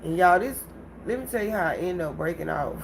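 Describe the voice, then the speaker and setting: Animated woman telling a livestream story. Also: on the low side, a little fast, gravelly, background noise. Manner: animated, laughs often, addresses viewers directly. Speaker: livestream host.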